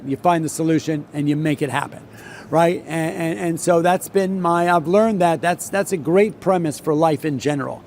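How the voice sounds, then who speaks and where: Older New man, veteran trader, rambling storyteller, slightly high voice, faint noise behind. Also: a little mellow. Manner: rambling, many restarts and repeats. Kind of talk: solo talk with anecdote.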